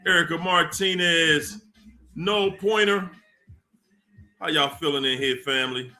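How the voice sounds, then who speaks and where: A man hosts a casual livestream, greeting viewers one by one in an unhurried, drawn-out way. His voice is bright and sits a little high. Faint music plays underneath. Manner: slow, drawn-out shout-outs with laughs. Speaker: livestream host.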